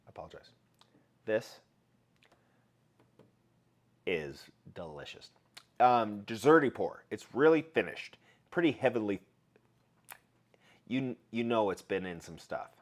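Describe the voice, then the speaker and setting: A man hosting a casual livestream, chatting loosely, laughing often and reading out viewer comments. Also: fairly low pitch. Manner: chatty, laughs often, reads chat aloud. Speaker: livestream host.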